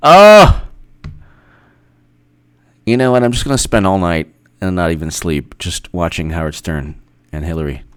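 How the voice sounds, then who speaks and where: A man's voice: sits low, a little fast. A man hosting casual political commentary, reading an article aloud and reacting with sarcastic laughs. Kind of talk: casual live-stream commentary.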